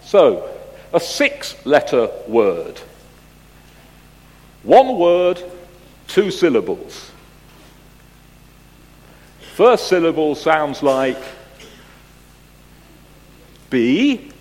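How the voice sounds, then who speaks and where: Pastor, male, conversational sermon with quiz questions, slightly higher voice, unhurried, church reverb. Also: huge pitch swings. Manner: conversational and gently humorous, asks the congregation questions. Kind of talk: sermon with picture-clue quiz.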